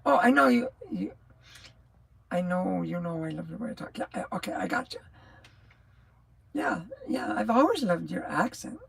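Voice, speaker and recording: A woman's voice: fairly low pitch, expressive, normal speed, creaky, long pauses, husky. A woman in her sixties from New Mexico with a scratchy, rattly voice, chatting casually and rambling on a livestream. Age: 60s. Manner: rambling, loses her train of thought, laughs often. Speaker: livestream host, truck driver.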